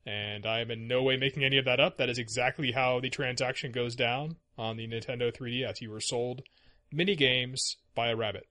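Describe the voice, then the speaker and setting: A man with a bright, forward voice hosting a casual podcast chat. He talks in a wry, easygoing way and laughs easily between points. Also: medium pitch. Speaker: podcast host.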